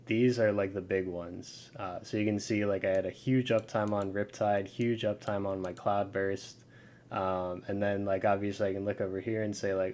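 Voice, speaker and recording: A man who makes video game guides talks loosely over his screen in a casual screen-share tutorial, using lots of fillers. His voice is low with a darkish tone. A little hiss or hum runs under the recording.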